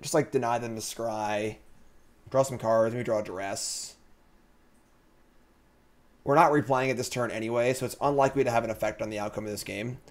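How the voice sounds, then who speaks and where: A man hosting a card game stream, giving casual live commentary as he plays, thinking out loud and joking with chat. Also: mid-range voice. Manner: jokey, reads chat comments aloud.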